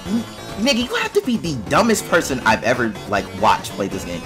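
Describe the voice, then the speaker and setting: A young man giving profane gameplay commentary, muttering to himself and then bursting into yelling. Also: medium pitch, wildly swooping pitch, fairly quick, soft background music. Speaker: gaming channel host.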